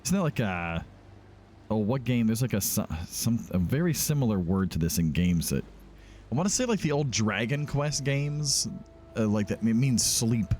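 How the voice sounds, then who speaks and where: A man's voice: lowish voice, sing-song, moderate pace, darkish tone, slight background noise. A man casually hosting a let's-play video, reading the game's text aloud with chatty asides. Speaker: gaming video host.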